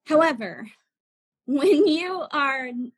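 A woman's voice: high-pitched, lively intonation, slow pace. A woman in her forties, a spiritual guide talking as a guest in a casual live chat, earnest and laughing often. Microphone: video call.

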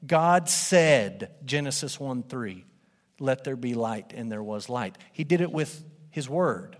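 A man preaching a sermon as pastor, animated and conversational, speaking to a congregation in a church. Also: mid-range voice, slow. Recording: long hall reverb.

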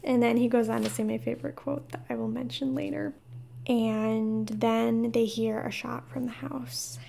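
A young woman hosts a solo podcast discussion, speaking slowly in a slightly high, mellow voice. Her tone has a gravelly fry, and her phrases keep fading into a breathy whisper. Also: a little hiss or hum. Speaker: podcast host.

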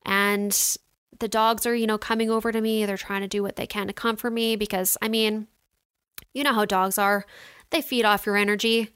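A young woman vlogging about her week in a loose, chatty way, with lots of filler words. Her voice is smooth and clean and sounds close and dry, with no room around it. She sounds emotional, and her throat is getting a little sore. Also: medium pitch, flat delivery, normal speed, a bit bright, dry recording. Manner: chatty, many "like" and "you know" fillers. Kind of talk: casual storytelling to viewers.

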